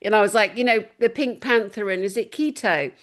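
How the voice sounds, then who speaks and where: A woman hosting an interview, chatting casually and telling stories with animated exclamations and laughter. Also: medium pitch, a little fast. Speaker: host.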